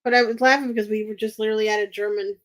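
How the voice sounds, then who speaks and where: A woman's voice: medium pitch, fairly even intonation, very fast. Chatty woman from Texas. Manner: chatty storyteller, giggly. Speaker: co-host. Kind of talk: casual chat.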